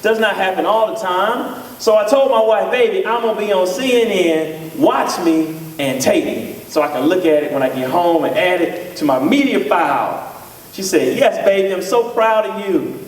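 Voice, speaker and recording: In a church hall with an echo, a man whose voice sits high gives a funny talk to couples at a moderate pace, picked up by a faraway mic. He's a psychologist who tells stories and voices the dialogue of both partners as the audience laughs.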